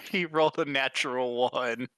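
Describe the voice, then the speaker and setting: A man's voice: medium pitch, steady tone, slow, bright, forceful tone, clean tone, dry recording. A man narrating as game master of a tabletop game, casual and chuckling.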